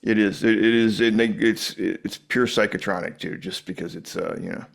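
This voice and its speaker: A man's voice: lowish voice, moderate pace, vocal fry. A man guesting on a podcast, telling stories in a laid-back, chuckling way. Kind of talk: casual chat.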